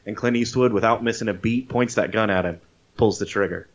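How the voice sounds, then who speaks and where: A man on a podcast casually retelling a movie scene, animated, swearing freely and acting out the lines. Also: on the low side, fairly quick. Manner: animated storyteller, swears freely, acts out quotes. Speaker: podcast co-host. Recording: dull lo-fi podcast audio.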